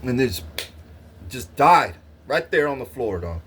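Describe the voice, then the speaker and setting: A man's voice: medium pitch, very animated, unhurried, breathy edge. A young man telling a long rambling story to his stream, swearing constantly, laughing and restarting his sentences. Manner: profane, rambling, laughs often, stammers and restarts. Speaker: livestreamer.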